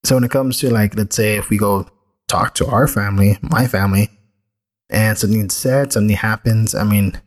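Candid low-voiced man telling a story. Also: fairly even intonation, normal speed. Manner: candid, reflective, conversational with fillers. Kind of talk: personal storytelling monologue.

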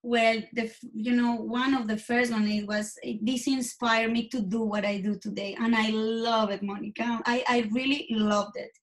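A woman's voice: fairly high pitch, fairly even intonation. Earnest woman, not a native English speaker. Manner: earnest, halting, many restarts. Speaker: interview guest. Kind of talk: candid conversational interview.

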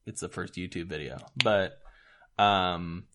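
A man's voice: deep voice, takes it slowly, pushed and bright, a little hiss or hum. A young man co-hosting a podcast in a loose, joking, swearing casual chat. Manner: laid-back, swearing, jokey. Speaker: podcast co-host.

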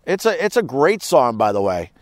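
A man's voice: mid-range voice, big pitch swings, moderate pace, no echo. A middle-aged man hosting a podcast, rambling through a casual live-stream monologue with wry, profane storytelling. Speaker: podcast host. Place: cold room, dry sound.

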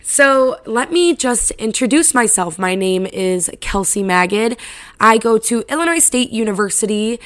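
A raspy woman of twenty hosting her own podcast in a rambling, profane, casual way. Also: fairly high pitch, expressive, a little slow, a bit bright. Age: 20s. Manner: rambling, loose and profane, lots of "like". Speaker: podcast host. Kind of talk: casual solo podcast chat.

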